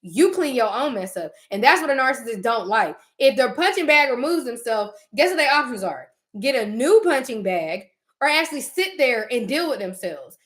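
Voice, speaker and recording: A woman in her thirties talking in an emphatic, animated vlog monologue, using African American Vernacular English grammar and repeating phrases for emphasis. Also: on the high side. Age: 30s. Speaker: vlogger. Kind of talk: casual spiritual monologue.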